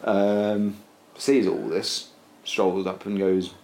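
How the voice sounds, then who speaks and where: Deep-voiced man rambling through a comic tale. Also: slow. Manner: rambling, deadpan, many fillers. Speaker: storyteller. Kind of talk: casual comic storytelling. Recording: roomy echo, faint ambience.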